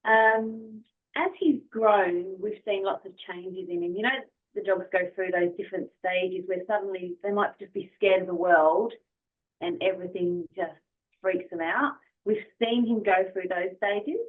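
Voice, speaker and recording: A woman's voice: medium pitch, fairly even intonation, a little slow. A woman with an Australian accent, a podcast guest talking about her dog in a friendly, enthusiastic way. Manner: friendly, enthusiastic, soft-spoken. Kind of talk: casual interview chat. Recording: phone-like remote call audio.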